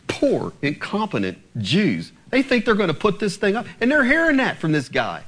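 A male pastor preaches with emphasis and animation. His voice sits a little high and swings widely in pitch. He talks straight to his listeners. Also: fast talker. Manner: animated, emphatic, addresses congregation directly. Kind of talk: sermon.

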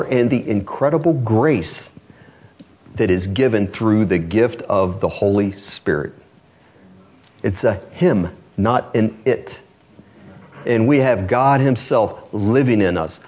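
A man's voice: mid-range voice, darkish tone, husky. A man preaching a sermon as pastor, earnest, asking rhetorical questions and reading scripture aloud. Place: church.

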